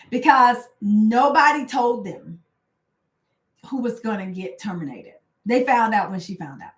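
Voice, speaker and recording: With a voice on the high side and a reverberant recording, this coach and host speaks casually and passionately in a motivational talk. Fillers abound, and her indignation keeps rising.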